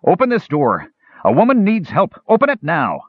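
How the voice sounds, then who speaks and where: Man doing a fierce young half-elf, raised husky voice, shouting orders, lively pitch, storybook reading. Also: normal speed, dry recording, phone-quality sound. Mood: furious. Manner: shouting orders through clenched teeth.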